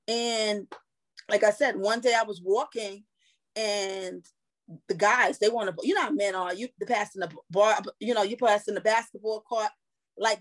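Animated woman telling her story. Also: on the high side. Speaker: guest. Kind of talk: casual storytelling.

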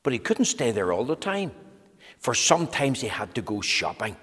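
A man reading a storybook aloud to children in an animated, dramatic manner, talking to them directly. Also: medium pitch, moderate pace, husky. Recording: echoey hall reverb.

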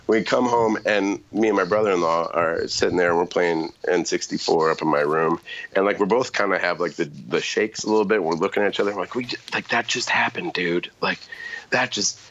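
A man's voice: deep voice, brisk, fairly bright tone, highs cut off. A middle-aged man on a podcast telling a long, rambling story in casual chat, often correcting himself and laughing.

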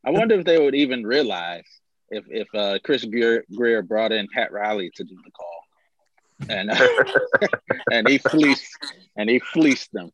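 A man's voice: medium pitch, sing-song, a little slow, a bit bright, no room sound, muffled recording. A man co-hosting casual sports talk, laid-back and chuckling.

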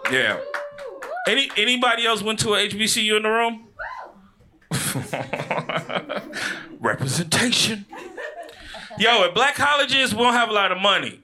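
Animated Midwestern man doing stand-up. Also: high voice, measured pace, long pauses, crowd noise. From Chicago. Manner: animated, shouting punchlines, slangy. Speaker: stand-up comedian. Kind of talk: stand-up comedy set. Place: comedy club stage.

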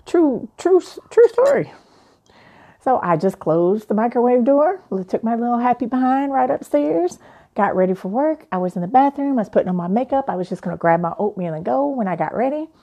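A young adult woman, a life coach, telling a personal story in an animated, playful way. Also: on the high side, a little fast.

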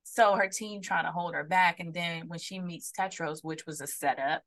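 Her voice is on the low side, slightly bright, with fairly even intonation and normal speed. As a podcast co-host in casual conversation, she spins stories and voices the quoted lines in changing tones.

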